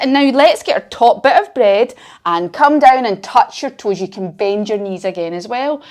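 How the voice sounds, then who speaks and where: A woman leading a children's yoga lesson told as a story, with upbeat, encouraging and playful instructions. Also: mid-range voice.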